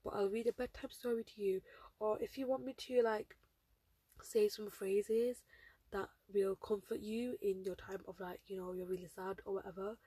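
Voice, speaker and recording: A woman's voice: mid-range voice, dark tone, breathy edge, dry recording. A seventeen-year-old girl hosting her own podcast, chatting casually and rambling with lots of fillers. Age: teens. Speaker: podcast host. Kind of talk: casual solo podcast chat.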